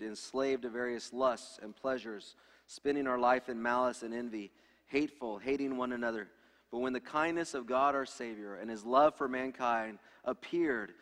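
A man's voice: medium pitch, a bit bright. A pastor in his thirties preaching an earnest, emphatic sermon with lots of repetition. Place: church sanctuary. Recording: reverberant hall.

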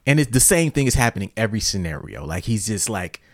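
Animated man telling a story, dry sound. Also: lowish voice, quick pace, dry recording. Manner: animated, laughs often, loose slangy talk. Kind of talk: casual storytelling.

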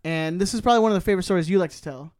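A man co-hosting a podcast, telling stories quickly with lots of fillers. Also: high-pitched, darkish tone, clean tone. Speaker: podcast co-host. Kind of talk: casual storytelling chat.

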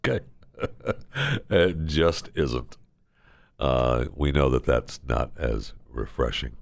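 Male talk host, very low voice, dry studio sound, sarcastic ranting monologue. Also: slow, vocal fry, no room sound. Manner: ranting, sarcastic, lively swings in pitch. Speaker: radio show host. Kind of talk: casual opinion monologue.

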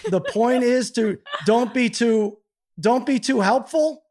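A man's voice: very high voice, slow, darkish tone. A middle-aged man co-hosting a casual chat, telling a rambling, self-mocking story. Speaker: podcast co-host.

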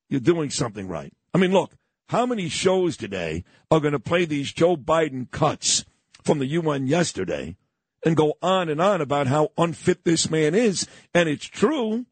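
A man's voice: on the high side, breathy edge, no room sound. A middle-aged man hosting a morning radio talk show, opinionated and emphatic, often repeating himself for effect. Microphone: studio broadcast mic.

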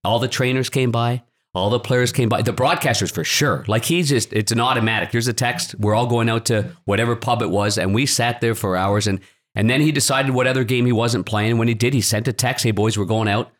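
A man at a mid-range pitch, telling rambling hockey anecdotes as a podcast guest in a studio. He talks casually and often repeats or restarts his words as he tells a story. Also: steady tone, fairly quick, fairly bright tone. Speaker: podcast guest, hockey broadcaster and former goalie.

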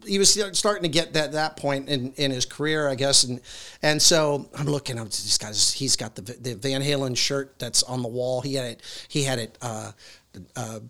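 A man telling a long story in a casual, excitable way, rambling with many restarts. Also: medium pitch, normal speed. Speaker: guest.

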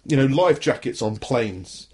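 A young man rambles through a casual comedy podcast chat. He restarts his sentences, trails off and laughs at his own points, and his voice sits at an ordinary middle pitch. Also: expressive, a little slow, darkish tone, breathy edge. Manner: rambling, self-interrupting, laughs often. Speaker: podcast co-host.

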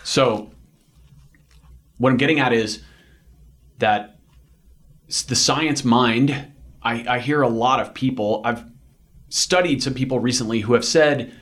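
A man's voice: medium pitch, measured pace, long pauses, fairly bright tone. A man hosting a podcast, talking bluntly and with energy, and sometimes putting on voices for quotes. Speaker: podcast host. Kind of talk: casual podcast conversation.

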